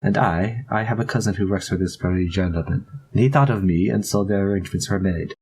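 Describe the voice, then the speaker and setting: A man's voice: sits low, fast talker, a little mellow, breathy edge. A man voicing a kindly young French maid in a put-on French accent. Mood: gentle.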